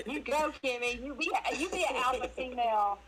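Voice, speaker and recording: A woman's voice: high-pitched, a little fast, a loud crowd, rough recording. A woman with a Southern accent, a guest in a casual live audio interview, talking bluntly and animatedly and laughing often.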